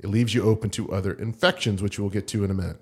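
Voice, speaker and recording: A man's voice: lowish voice, steady tone, racing, a little mellow, slightly rough. A man co-hosting a casual podcast chat, joking around and explaining flu facts loosely. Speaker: podcast co-host.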